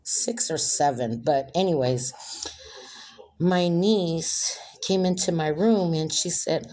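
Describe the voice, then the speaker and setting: A woman telling a personal story in a soft, reflective way. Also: sits low, takes it slowly.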